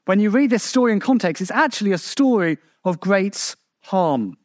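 A man delivers a sermon in a high voice with a dry, close sound. He is emphatic, asking his listeners rhetorical questions, and leaps up and down in pitch to drive his points home. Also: animated, moderate pace, dry recording. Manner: shifts pitch sharply for emphasis. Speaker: preacher.

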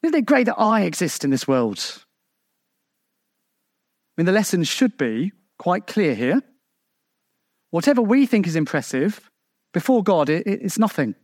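A man delivers a sermon in a high voice with a dry, close sound. He is emphatic, asking his listeners rhetorical questions, and leaps up and down in pitch to drive his points home. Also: big pitch swings, a little slow, pauses often, dry recording. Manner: shifts pitch sharply for emphasis. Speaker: preacher.

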